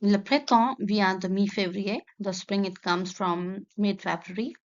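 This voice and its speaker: A woman's voice: medium pitch, fairly even intonation, measured pace. A woman, a French teacher explaining a textbook lesson step by step, reading French phrases and then translating them. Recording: dull lo-fi sound.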